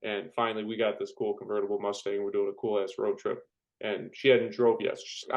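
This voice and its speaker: A man's voice: on the low side, steady tone, fast talker, darkish tone, lo-fi sound. A young man, a firefighter guest on a podcast, telling jokey stories and acting out quotes. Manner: joking storyteller, acts out quotes. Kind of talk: casual conversation.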